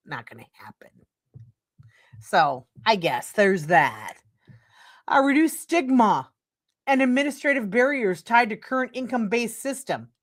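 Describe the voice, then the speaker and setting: A middle-aged woman streaming commentary, reading a text aloud and breaking into heated, profane, sarcastic rants. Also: mid-range voice. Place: home streaming setup.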